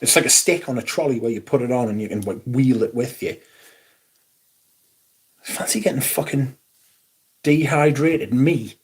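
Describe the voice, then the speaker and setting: A man's voice: mid-range voice, moderate pace, long pauses. Middle-aged man, livestream host, sweary and rambling. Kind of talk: casual livestream chat.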